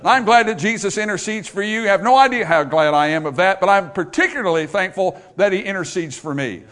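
A man preaching a sermon to a congregation, dropping to a hush for scripture and rising to loud emphasis. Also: sits high. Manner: swings from hushed, drawn-out scripture quotes to loud, emphatic preaching. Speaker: pastor. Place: church in front of a congregation.

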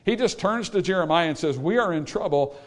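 A male preacher delivering a sermon, his voice sitting a little high for a man. He moves between quiet, careful explanation and loud, emphatic appeals to the congregation. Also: animated, fairly quick. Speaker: pastor.

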